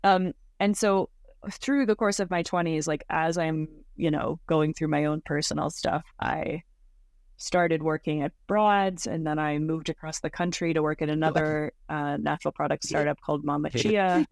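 A woman's voice: sits low, fairly even intonation, moderate pace, vocal fry, dry recording, clean studio sound. A woman in her thirties, a podcast guest, telling her story in casual talk, full of "like" and "um", with frequent small laughs. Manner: chatty, many fillers like "like" and "um", laughs often.

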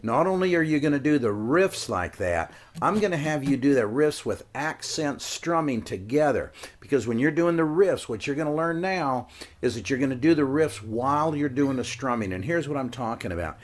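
A man giving a casual guitar lesson, coaching step by step and counting beats out loud. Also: mid-range voice, expressive, moderate pace. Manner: coaching, repeats instructions, counts beats aloud. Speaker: guitar teacher. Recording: guitar playing throughout.

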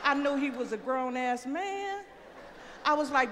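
A woman's voice: high voice, unhurried. An older woman doing a brash, profane stand-up set on a large theater stage. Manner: brash, profane, animated storytelling. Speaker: stand-up comedian. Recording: long theater reverb, faint noise.

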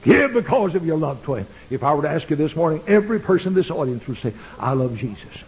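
Man, old-time pastor, fervent preaching, high voice, lively swings in pitch, old radio broadcast sound. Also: fast, poor audio. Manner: impassioned preaching with dramatic swings in pitch and volume. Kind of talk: fiery old-time sermon. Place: church sanctuary.

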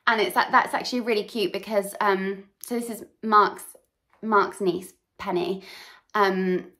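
A woman's voice: mid-range voice, fairly even intonation, measured pace, sharp tone. A young woman from England vlogging, chatting casually about gifts in a rambling way with many fillers, recorded on a camera mic at home. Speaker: fashion vlogger. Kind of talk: casual chat.

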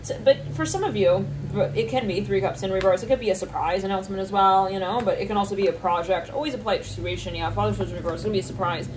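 A woman at a medium pitch gives a loose, channeled tarot reading, rambling from card to card and giggling as she goes. She jumps into squeaky high reactions whenever she mimics someone. A faint background hum sits under her voice. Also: very fast, hardly any pauses. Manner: rambling, thinking aloud between card names, often laughing. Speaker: tarot reader.

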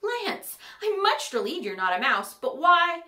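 A woman voicing a feisty, indignant young woman in a storybook reading, with a sharp manner. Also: extremely high pitch, big pitch swings, unhurried, reverberant, voice pushed up, heavily acted.

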